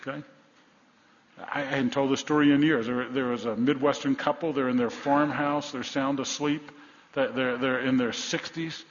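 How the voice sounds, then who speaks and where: A man in his sixties, a pastor preaching a sermon in a church, blunt and folksy, swinging between loud exhortations and quiet asides. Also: medium pitch, fairly even intonation, moderate pace, a little hiss or hum. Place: church sanctuary. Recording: echoey hall, slightly dull sound.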